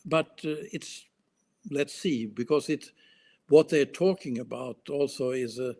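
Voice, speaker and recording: A man, giving slow, halting analysis in casual discussion. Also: mid-range voice, vocal fry, warm tone, husky. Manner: slow, halting, many restarts and fillers. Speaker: guest analyst.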